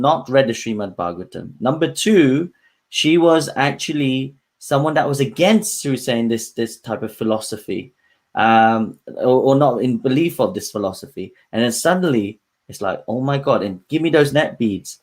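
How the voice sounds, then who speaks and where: A man hosts a casual spiritual talk show. He encourages his guest and speaks in a loose, rambling way. His voice is at a medium pitch. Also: lively intonation, moderate pace. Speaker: host.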